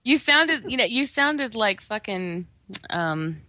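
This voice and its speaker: A woman's voice: fairly high pitch, big pitch swings, slow pace, pushed and bright, muffled recording. A woman co-hosting a podcast in casual chat, teasing and giggling through the banter.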